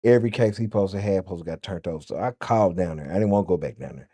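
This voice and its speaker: A man with a Southern accent from Memphis tells his story in a blunt, profane rant. His voice sits low and has a mellow, dark tone. The sound is dry and close, with no room around it. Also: very fast, no echo. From Memphis, USA. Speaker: vlogger.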